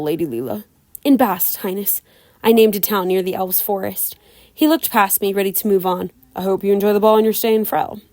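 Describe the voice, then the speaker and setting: A woman's voice: medium pitch, a little mellow, no room sound. Woman reading a novel aloud, dry sound. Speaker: audiobook reader.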